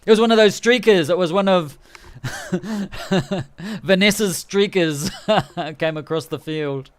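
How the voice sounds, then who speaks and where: Male streamer, higher register, chatty and excitable play-by-play. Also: measured pace, clean tone. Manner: excitable, chatty, laughing often. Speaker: game streamer. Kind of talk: live game commentary.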